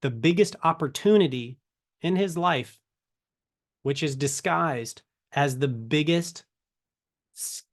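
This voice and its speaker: Man, ministry teacher, casual scripture talk with rhetorical questions, a bit higher voice. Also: slow pace, pauses often. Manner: conversational, rhetorical questions, self-corrections. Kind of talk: casual Bible teaching to camera.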